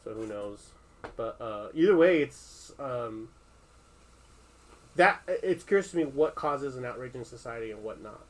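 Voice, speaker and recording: A man talks loosely in a casual discussion at a middling pitch, circling his point with restarts and fillers. He swears now and then and keeps an easygoing conversational flow. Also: animated, unhurried, rough recording.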